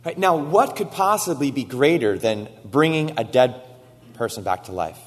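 A man preaching a sermon, retelling stories with animated quoted lines and frequent "right?" asides. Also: mid-range voice, moderate pace, long reverb tail. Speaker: pastor.

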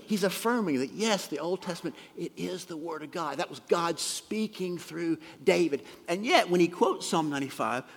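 A man preaching a sermon, moving between soft, hushed asides and loud, emphatic lines. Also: on the high side. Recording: long reverb of a large hall.

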